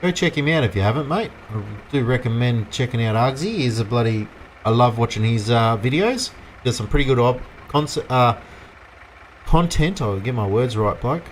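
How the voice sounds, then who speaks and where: A relaxed Australian bloke rambles through live commentary as he plays, answering his chat between tasks. His voice sits at an ordinary middle pitch, with a faint hum of game vehicles under it. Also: moderate pace. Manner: chatty, rambling, talks to chat viewers. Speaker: livestream gamer. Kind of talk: casual live gameplay commentary.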